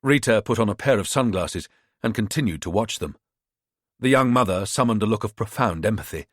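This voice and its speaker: A man narrating a thriller audiobook in a measured, expressive reading. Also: fairly low pitch, dry recording, studio quality.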